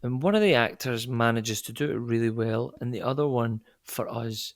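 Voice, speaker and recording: A Scottish actor answering an interview question in a casual, rambling way, often correcting himself and laughing. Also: male voice, medium pitch, normal speed, dry recording, studio quality. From Scotland. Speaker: actor guest.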